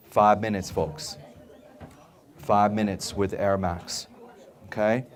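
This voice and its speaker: A man's voice: on the low side, steady tone, slow pace. A man speaking to a live audience, selling supplements with a punchy, repetitive delivery. He keeps checking in with "okay?" and acts out customers' reactions as he tells his stories. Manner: emphatic, repeats points, keeps asking "okay?"; acts out customers' voices in anecdotes. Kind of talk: live sales talk to an audience.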